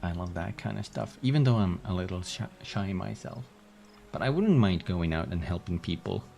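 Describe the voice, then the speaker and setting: A man's voice: low-pitched, expressive, moderate pace, gravelly, a little mellow. A man streaming a game, chatting casually and playfully with viewers. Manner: rambling, playful, hums and yawns. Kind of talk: casual gameplay chat.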